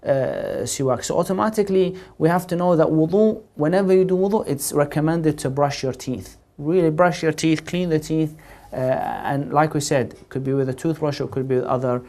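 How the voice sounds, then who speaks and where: A man's voice: fairly high pitch, fairly even intonation, a little fast, a little mellow. A man presenting an explanatory religious lesson for a TV series. He talks earnestly, restates each point in several ways and uses frequent "uh" fillers. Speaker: Islamic teacher presenting a TV series.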